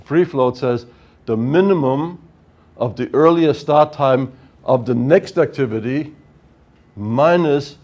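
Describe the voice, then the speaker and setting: A man's voice: mid-range voice, darkish tone. A man giving a workshop lecture on project management, explaining step by step and often checking with "right?". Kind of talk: technical lecture at whiteboard.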